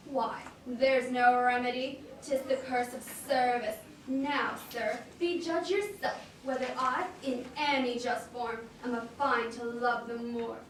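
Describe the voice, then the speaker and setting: A woman playing a bitter, scheming male soldier in an amateur Shakespeare reading, declaiming with sharp outbursts, recorded in an echoey room from a distance. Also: sits high, slight background noise. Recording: echoey room picked up from afar.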